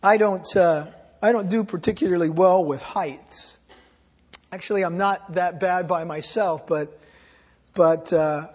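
Pastor, male, high voice, earnest pleading sermon, church reverb. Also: darkish tone, breathy edge. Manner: earnest, pleading, slows for emphasis. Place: church sanctuary. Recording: long hall reverb.

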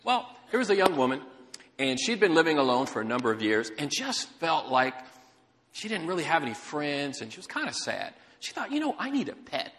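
A man preaching as a guest pastor, telling a story with animated delivery and calling to the congregation. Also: a little high, fairly quick, in a large hall. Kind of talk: sermon. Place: church sanctuary.

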